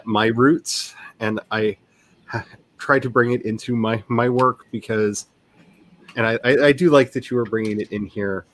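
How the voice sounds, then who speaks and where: An author with a Southern US accent chats casually on a writing livestream, animated and self-mocking, in a bass voice.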